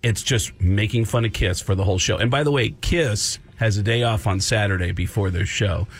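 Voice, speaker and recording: A male comedian and impressionist, a radio guest, telling stories in an animated way and slipping into voices. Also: on the low side, a little fast. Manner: animated storyteller, slips into voices. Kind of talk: casual radio talk.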